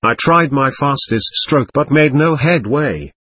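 A man reading a first-person memoir aloud at a measured, steady pace. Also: medium pitch, slightly rough, dry recording.

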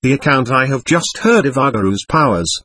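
A man's voice: medium pitch, animated, a little fast, pushed and bright, breathy edge, no room sound. A man reading the lines of a skeptical young male student friend in an audiobook, blunt and indignant.

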